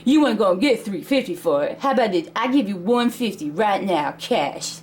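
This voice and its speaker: A woman voicing her gruff older father, a stubborn, swearing haggler with blunt, ungrammatical talk. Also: medium pitch, animated, moderate pace, darkish tone, natural voice. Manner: blunt, swearing, dropped grammar.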